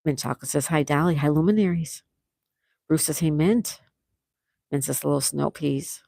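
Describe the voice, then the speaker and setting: A woman's voice: sits low, moderate pace, gravelly, mellow, no room sound, studio quality. A woman hosting a casual livestream, chatting and reading out viewer comments, laughing often. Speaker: livestream host.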